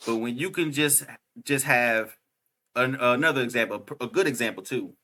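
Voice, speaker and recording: A young man co-hosting a laid-back podcast, his voice bright and forward. He talks excitably in loose slang, laughing often and riffing off his partner. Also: mid-range voice, normal speed, slight background noise. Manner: excitable, laughs a lot, slangy with frequent "bruh". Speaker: podcast co-host. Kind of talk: casual chat.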